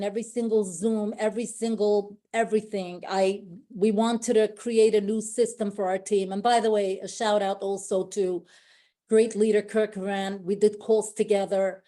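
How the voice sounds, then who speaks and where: A woman's voice: mid-range voice, dark tone. A woman giving an emotional, effusive motivational speech to her company team on a call, often repeating herself and restarting sentences.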